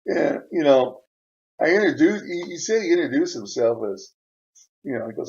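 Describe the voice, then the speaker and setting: A man hosting his channel, retelling a viewer's letter in a rambling way, chuckling often and filling pauses with "uh.". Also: a little high, big pitch swings, gravelly, darkish tone, dull audio. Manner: rambling, chuckling, frequent fillers. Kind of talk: casual storytelling.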